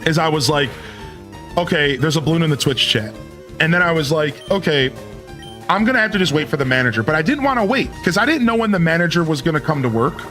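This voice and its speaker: Animated man telling a story. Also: fast, soft background music. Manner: acts out both sides of phone calls with big pitch jumps. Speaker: streamer. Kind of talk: animated storytelling to stream chat.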